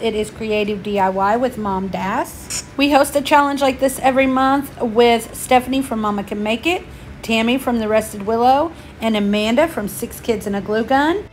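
In a fairly high-pitched voice with a bit of background noise, a slightly winded woman guides her channel through a craft tutorial. Her delivery is homey and conversational, explaining every step as she goes.

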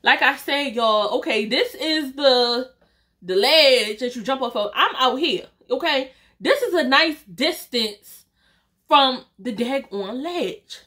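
A woman YouTuber telling a storytime vlog in an animated, chatty way, talking straight to her viewers and swearing casually. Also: high-pitched, slow.

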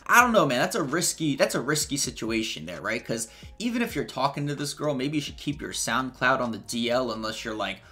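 A young man in his twenties talks through text screenshots in a casual, slang-heavy way, chuckling as he goes. His voice sits at an everyday middle pitch for a man. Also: animated, brisk, pushed and bright, breathy edge, soft background music. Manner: slangy and laid-back, chuckling often. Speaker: YouTuber. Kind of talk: casual commentary on read-out text messages.

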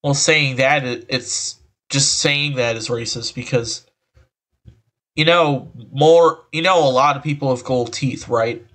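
A man's voice, altered by a voice changer, reads an article aloud while he sighs often and rambles in exasperation, as an online commentator. It's a mid-range, fairly bright voice at a slightly slow pace.

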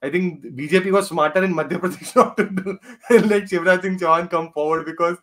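A man's voice: high voice, steady tone, fairly quick, fairly bright tone. A man, a panelist on a podcast, talking politics thoughtfully with lots of fillers and dry sarcasm. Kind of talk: casual political discussion.

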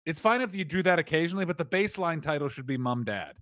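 A man's voice: a little high, lively intonation, fast, a bit bright, dry recording. A man co-hosting a comedy podcast, rambling and riffing with mock outrage. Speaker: podcast co-host.

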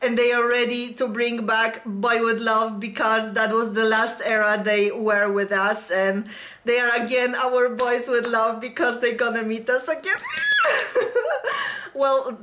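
With pop music blaring behind her, this reaction-video host gushes, squeals and joins in singing as she gives excited commentary. She speaks at a moderate pace in a voice that is a little high.

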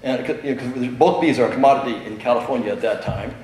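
A man's voice: mid-range voice, fast talker, a little mellow. A middle-aged man giving a talk at a convention, a chatty storyteller who laughs often and fills gaps with um and uh. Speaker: convention speaker. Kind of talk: conference talk with anecdotes. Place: large convention hall. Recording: echoey hall with strong reverb.

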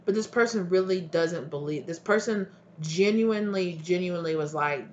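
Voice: medium pitch, a little hiss or hum. Chatty tarot reader on a dull recording. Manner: chatty, acts out both partners' voices in quick exchanges. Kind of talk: casual intuitive tarot reading.

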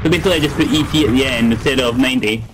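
A man from Scotland in a game voice chat, mild and slow to catch on. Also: mid-range voice. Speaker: player on game server. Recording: noisy mic hiss.

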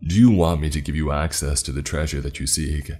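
A cold, deliberate skeleton spirit, put on by a man reading a horror story, with a remarkably deep voice. He taunts slowly, sure of his power. Faint music plays behind him. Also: steady tone, darkish tone. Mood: taunting. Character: ancient menacing male skeleton spirit. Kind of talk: scripted horror story narration.

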